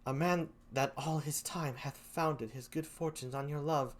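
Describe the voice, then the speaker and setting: A man voicing Desdemona, a gentle young noble wife, with an attempted English accent in an amateur Shakespeare reading. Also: fairly high pitch, fairly even intonation, a little slow, natural voice. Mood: pleading.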